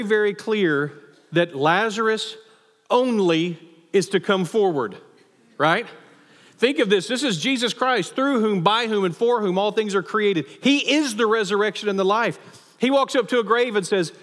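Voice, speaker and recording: A man preaching a sermon as pastor, conversational and animated, in a church sanctuary. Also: high-pitched. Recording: long hall reverb.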